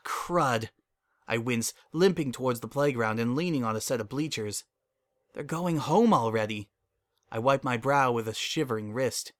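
A man's voice: mid-range voice, a bit bright. A man narrating a first-person story and acting out its dialogue expressively.

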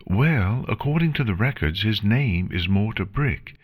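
A man voicing a gentle, regal elder pony princess in a fan fiction reading, speaking in a soothing, reassuring way. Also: fairly low pitch, animated, unhurried, pitched above the performer's own voice. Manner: warm, soothing, reassuring speech.

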